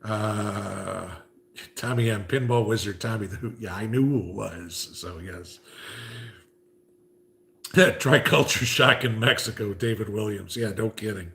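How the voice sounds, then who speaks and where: A man's voice: lowish voice, unhurried, creaky, fairly bright tone. A man hosting a casual livestream, reading viewer comments and chatting, with frequent "okay?" asides. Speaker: livestream host reading chat.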